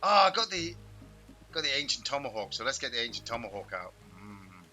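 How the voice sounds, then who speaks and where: Excitable man commentating gameplay. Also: medium pitch, fairly quick, faint music behind. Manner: excitable, shouty, playful trash talk. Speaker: gaming host.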